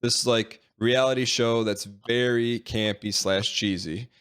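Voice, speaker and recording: A man's voice: mid-range voice, fairly even intonation, a little slow, fairly bright tone, smooth. A man hosting a podcast, chatting casually and asking probing questions. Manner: conversational, asks probing questions. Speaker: podcast host.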